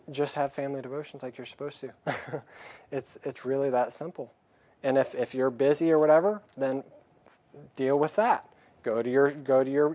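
A man's voice: mid-range voice, a little mellow, no room sound. A man preaching a sermon in a plain-spoken way, reading scripture aloud and acting out the pleading voices of the people. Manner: reads scripture aloud in a raised voice.

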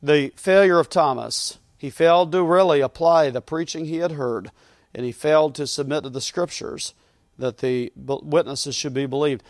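A man's voice: fairly high pitch, moderate pace, no echo. Earnest man preaching, dry close sound. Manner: earnest preaching that rises in emphasis, with repeated phrases. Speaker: pastor. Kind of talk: sermon. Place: church.

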